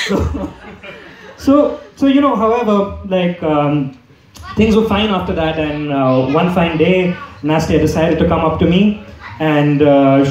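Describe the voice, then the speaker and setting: High, animated male stand-up comic. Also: a little hiss or hum. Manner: rambling, lots of fillers and restarts. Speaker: stand-up comedian. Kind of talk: stand-up comedy set. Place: comedy club stage with audience. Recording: echoey room, mic far off. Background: audience laughter.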